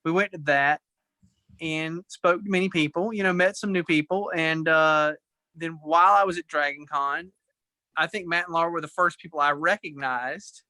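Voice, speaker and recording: A man's voice: fairly high pitch, steady tone, moderate pace, sharp tone, no echo. A man from the United States, a guest on a remote call, telling a story in an easygoing, rambling way and often restarting his sentences. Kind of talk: casual storytelling in an interview.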